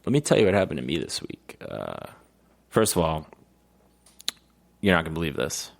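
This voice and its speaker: A man's voice: extremely low pitch, wildly swooping pitch, moderate pace, creaky. A man in his thirties co-hosting a podcast, telling profane stories in casual chat and laughing often. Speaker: podcast co-host.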